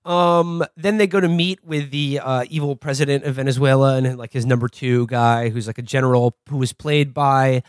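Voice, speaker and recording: A man's voice: medium pitch, steady tone, moderate pace, hardly any pauses, clear, resonant tone, no room sound, studio quality. A man hosting a podcast, rambling through a casual TV recap, full of "like" and "you know". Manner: rambling, lots of "like" and "you know", laughs often. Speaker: podcast host.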